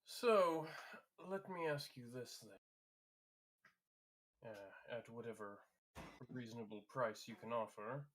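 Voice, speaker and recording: A man's voice: medium pitch, slow pace, pauses often, a bit bright. A man playing a tabletop game, asking polite, formal questions in character over a voice call. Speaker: player. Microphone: home mic on a voice call.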